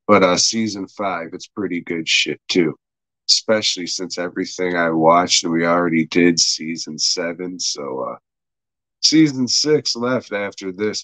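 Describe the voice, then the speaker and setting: A man's voice: sits low, a bit bright, dry recording. A man hosting a podcast, retelling an episode in rambling, profane casual talk and acting out bits of dialogue. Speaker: podcast host reviewing a TV episode.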